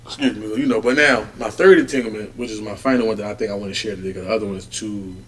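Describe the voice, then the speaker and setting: A man, co-hosting a podcast and telling a long, profane story in casual chat, animated and acting out other people's voices. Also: on the low side, racing, slight background noise. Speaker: podcast co-host.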